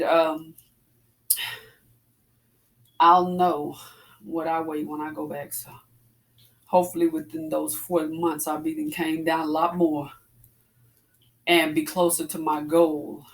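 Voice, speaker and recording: A woman in her forties chatting casually to her viewers while she works out, a little out of breath, calling them "y'all". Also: fairly low pitch. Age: 40s. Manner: chatty, addresses viewers as y'all, breathy exclamations between exercises. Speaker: fitness vlogger. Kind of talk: casual chat while working out.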